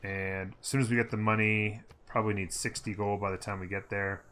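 Playing a strategy game, this man keeps his commentary upbeat and casual, thinking aloud and humming along. His voice is fairly low and fairly bright, with a flat delivery and a fairly quick pace.

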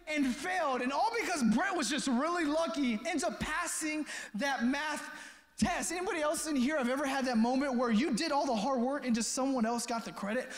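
Youth pastor guy, high voice, lively storytelling, big echoey hall. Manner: animated, acts out friends' voices.

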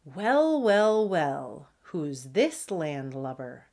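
A fancy, prissy pirate pug girl who shows off and sounds thoroughly pleased with herself, as a woman puts her on. Her lines swoop up and down with lively flair, slow and drawn out. Storybook read-aloud. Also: medium pitch, pitched above the performer's own voice. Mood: showy.

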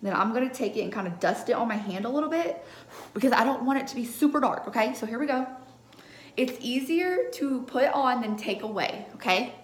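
This young woman's fairly high voice moves a little fast and lively as she walks viewers through a live makeup tutorial, checking with "okay?" after almost each step. She's at home under a ring light, in an echoey room with slight background noise.

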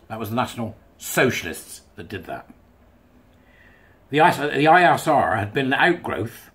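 Male commentator, husky, reads a text aloud and riffs on it casually. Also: medium pitch, very animated, moderate pace, a bit bright. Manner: chatty, wry asides, breaks into laughs. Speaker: commentator reading a thread aloud. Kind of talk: casual monologue reading and commenting.

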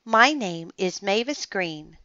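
A woman voicing a shy, nervous woman writer with a soft, trembly voice in a storybook reading. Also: medium pitch, animated, slow, dry recording, highs cut off, pitched above the performer's own voice.

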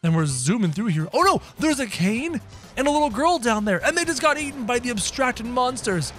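A man giving excited, energetic commentary over his game, talking straight to his viewers. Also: extremely high pitch, brisk, faint music behind. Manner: energetic, talks to viewers as "guys". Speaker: gaming video creator.

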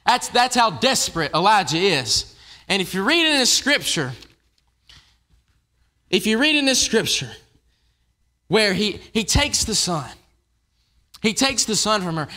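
Guy preaching in church, high voice, keeps repeating himself as he goes. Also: sing-song, a little slow, long pauses, bright, forceful tone. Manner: conversational, repeats and restarts phrases. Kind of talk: casual evening sermon.

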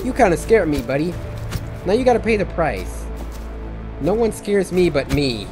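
A young man giving loud, excitable commentary while playing a video game, trash-talking enemies with squeals and yells. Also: a little high, measured pace, faint music behind. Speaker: gaming video creator. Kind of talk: let's play commentary.

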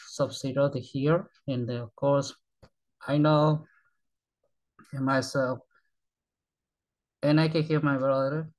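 Halting man in his thirties. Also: medium pitch, low-quality recording. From Japan. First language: Japanese. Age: 30s. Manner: halting broken English, often trailing off softly. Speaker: reaction video host. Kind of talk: rambling casual monologue.

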